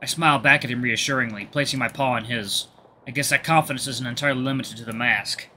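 A man hosting a gaming video, reading a visual novel aloud with relaxed, chatty asides. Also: mid-range voice, fast talker, slight background noise.

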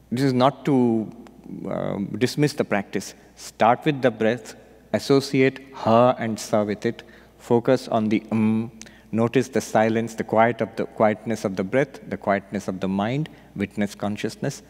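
Gentle unhurried man teaching meditation. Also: medium pitch. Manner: gentle, unhurried, storytelling with light humor. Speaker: monk and spiritual teacher. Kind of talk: meditation retreat talk. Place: retreat hall. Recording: long hall reverb.

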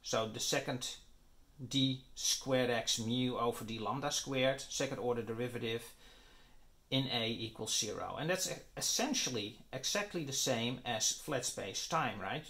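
A man's voice: medium pitch, a bit bright. A man lecturing on physics, explaining his derivation step by step and often checking in with "right?" and "okay?". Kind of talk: explaining at a whiteboard.

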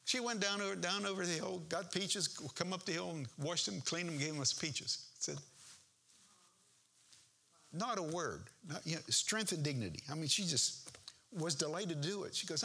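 Bright, husky older male pastor. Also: on the high side, expressive, normal speed. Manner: homespun, joking asides between verses. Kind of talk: folksy sermon with scripture reading.

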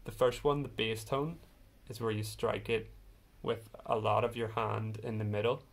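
A man's voice: lowish voice, little pitch movement, moderate pace, gravelly. A man hosting a casual vlog, explaining an instrument hesitantly with many fillers. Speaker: video host. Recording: faint background noise.

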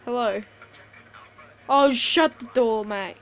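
A woman giving casual live commentary over a shooter game, swearing a lot, laughing often and reacting excitably. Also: fairly high pitch, takes it slowly, highs cut off. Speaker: gameplay commentator.

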